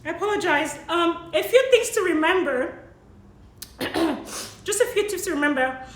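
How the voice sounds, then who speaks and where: Tearful high-voiced woman in an echoey room. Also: expressive, measured pace. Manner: emotional, apologetic, laughs through tears. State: tearful, sniffling. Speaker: vlogger sharing money tips. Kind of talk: emotional personal vlog.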